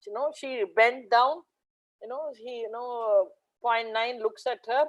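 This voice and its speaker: A woman, a math educator telling a lively story to teachers in a video call webinar. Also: on the high side, a little slow, dull audio. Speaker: guest speaker, math educator.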